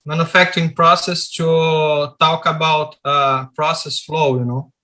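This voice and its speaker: A man's voice: on the high side, little pitch movement, a little slow, pushed and bright. Hesitant man practicing English in class. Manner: hesitant, many fillers and apologies. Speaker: ESL student. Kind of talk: online class conversation. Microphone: video call.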